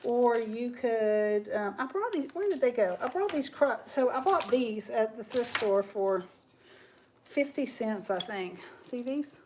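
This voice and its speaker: A woman with a fairly high voice hosts a relaxed live craft stream. She rambles in a loose, friendly chat and reads out viewers' comments while she works. A faint hiss sits under her voice. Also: measured pace. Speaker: craft livestream host.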